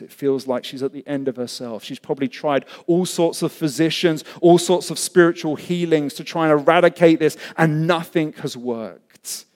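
Male pastor, sermon, fairly high voice, passionate, loud then hushed, long hall reverb. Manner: impassioned preaching with swings from loud to hushed. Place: church hall.

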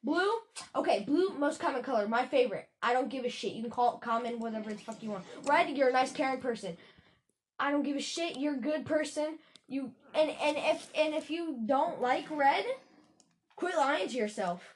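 A woman co-hosting a casual podcast with a high voice. She is blunt and swears freely, delivering her opinions like a mock rant. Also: animated, moderate pace, slight background noise. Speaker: podcast co-host. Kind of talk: casual chat.

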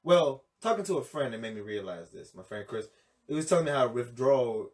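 A man co-hosting a podcast in casual chat, animated and laughing often, jumping into high squealing impressions. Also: a little fast. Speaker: podcast co-host. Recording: distant mic with faint noise.

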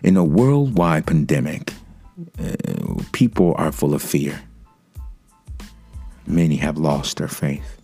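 Very deep gravelly-voiced man preaching. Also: slow pace, pauses often, dark tone, faint music behind. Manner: earnest, talks straight to the listener with casual "man" and "amen". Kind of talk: devotional sermon to camera.

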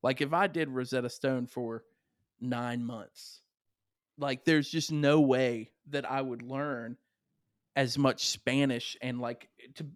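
Slow-paced and mid-range in pitch, this young Southern US podcast host chats casually and tells stories with lots of laughter and animation. The studio-quality audio carries no room sound.

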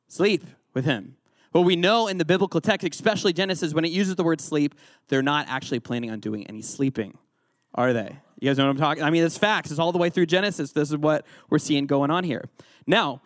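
Youth pastor, male, upbeat and jokey, quizzes the room, slightly higher voice, dry close sound. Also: dry recording. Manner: playful, joking, quizzes the audience. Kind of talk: interactive Bible lesson sermon.

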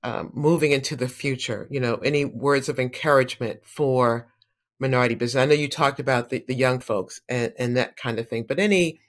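A woman interviews a guest, asking hesitant questions filled with ums and chiming in to agree. Her voice is very low for a woman. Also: a little fast.

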